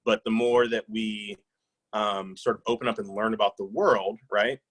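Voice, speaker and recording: A man's voice: on the low side, fairly even intonation, normal speed, fairly bright tone, low-quality recording. A man in his thirties or forties, answering interview questions in a reflective, anecdotal way with many fillers and restarts. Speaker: author being interviewed.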